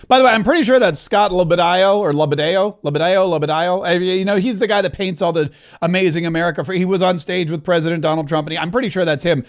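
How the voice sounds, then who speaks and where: Middle-aged male host, high-pitched voice, emphatic and rambling commentary. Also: fast, few pauses. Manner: emphatic, rambling, self-correcting. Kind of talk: opinionated talk-show monologue.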